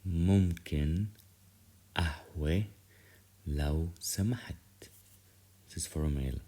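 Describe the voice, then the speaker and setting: A man with a very deep, dark voice gives an online lesson. He talks slowly and patiently, repeating each phrase so learners can say it after him. His voice has a husky edge. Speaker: Arabic teacher.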